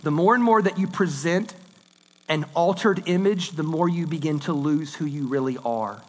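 A man preaching a sermon in a conversational, animated way, swinging between loud and hushed delivery. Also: on the high side, normal speed. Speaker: pastor.

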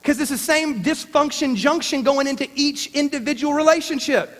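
A man's voice: very high-pitched, normal speed. A male pastor delivering a sermon in a conversational, folksy way with jokey asides. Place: church sanctuary. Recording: church hall reverb.

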